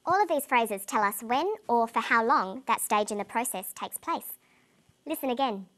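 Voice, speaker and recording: Clear, deliberate woman teacher. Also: a little high, expressive, fairly bright tone. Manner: clear, deliberate, slows on example words. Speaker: English teacher presenting a lesson. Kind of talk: scripted educational narration.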